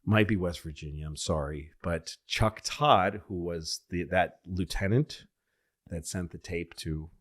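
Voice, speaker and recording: A man hosting a podcast, casually telling a long story and acting out the people he quotes in excited, higher voices. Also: a little slow. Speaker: podcast host.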